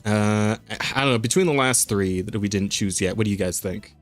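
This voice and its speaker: A man's voice: on the low side, fairly quick. Male podcast co-host, casual and joking, trips over words, faint music underneath. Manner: loose, joking, laughs often, stumbles over words.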